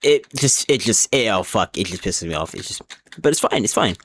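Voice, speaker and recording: A man's voice: on the low side, animated, a little fast, a bit bright. A man streaming a game live, rambling along as he plays, often restarting his sentences and swearing, and a little drunk. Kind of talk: casual live gaming commentary.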